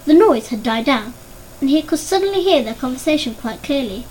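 A woman reads a story aloud with a high, clear voice. She narrates steadily and lifts her pitch for the characters' lines. A faint hum of room ambience sits behind her. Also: lively intonation, brisk, a little mellow, rough recording. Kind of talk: audiobook narration.

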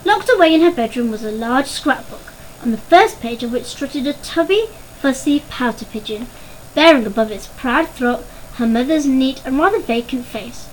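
High-voiced woman narrating a storybook. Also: a little hiss or hum, low-quality recording. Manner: expressive, measured.

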